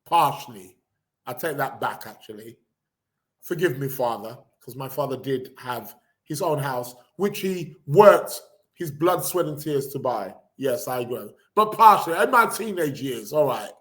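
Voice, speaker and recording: This English podcast host chats casually while going through the news, sarcastic and meandering, often restarting and using fillers. He speaks unhurriedly in a medium-pitched, expressive voice with a fairly bright tone.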